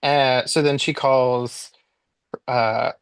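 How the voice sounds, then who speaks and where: A man telling a funny story as a podcast guest, chatty and animated, his voice leaping up as he relives his own panic. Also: drawn-out words, smooth, no echo. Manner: animated, jumps high in pitch when replaying his own panic; chatty with frequent likes and ums. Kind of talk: casual storytelling.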